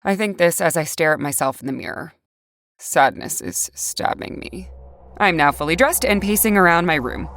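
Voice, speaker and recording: A young woman reading a first-person story aloud, swinging between rage and quiet despair. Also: lowish voice, fast, few pauses, a little hiss or hum. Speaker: narrator. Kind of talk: first-person scripted narration. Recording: faint music bed.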